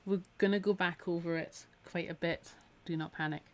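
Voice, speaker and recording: Scottish lady with a lowish voice, chatty felting tutorial livestream, a bit worn from talking all week. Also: steady tone, normal speed. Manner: chatty, encouraging, talks while working. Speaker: needle felting instructor. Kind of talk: live-streamed craft tutorial.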